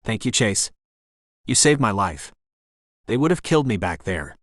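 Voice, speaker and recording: Casting: man playing a scared young guy in trouble, pleading and vulnerable, lowish voice. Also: very animated, moderate pace, no echo, clean studio sound. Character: frightened, battered young man in debt.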